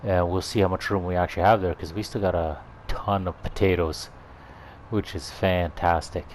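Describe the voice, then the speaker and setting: A man hosting his gaming channel, chatting in a relaxed, rambling way over his farming gameplay, thinking out loud as he goes. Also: deep voice, moderate pace, slight background noise. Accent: slips into a put-on Irish lilt. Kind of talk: casual gameplay commentary.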